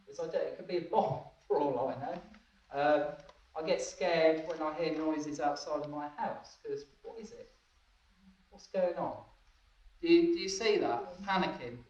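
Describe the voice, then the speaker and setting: A man's voice: a little high, moderate pace, darkish tone. A man giving a training talk, often laughing and checking that his listeners follow. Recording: echoey room, distant dull mic.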